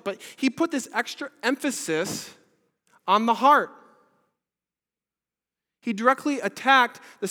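High-voiced earnest preaching man. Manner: earnest, many rhetorical questions, swings from loud to hushed. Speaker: pastor. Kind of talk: sermon. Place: church service. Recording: reverberant hall.

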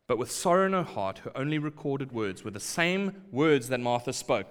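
A man preaching a sermon, acting out quoted lines and dropping to quiet asides. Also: mid-range voice, very animated, normal speed, few pauses, clear, resonant tone. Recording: long hall reverb.

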